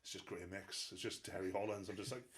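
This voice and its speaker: A man's voice: sits low, steady tone, quick pace, a crowd in the background. A Welsh man telling stories in a casual interview, laughing and swearing freely. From Wales. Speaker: guest strongman athlete.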